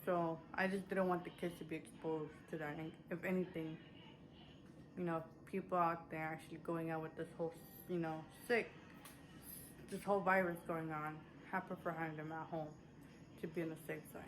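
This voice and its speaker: A woman's voice: deep voice, level tone, moderate pace, noisy background. A woman chatting casually to her viewers, a little out of breath, rambling with lots of fillers and restarts. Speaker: vlogger. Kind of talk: casual haul chat to camera.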